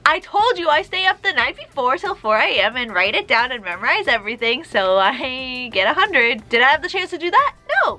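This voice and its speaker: Bright, animated young woman telling a story. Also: sits high. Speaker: vlogger. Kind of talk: storytime vlog.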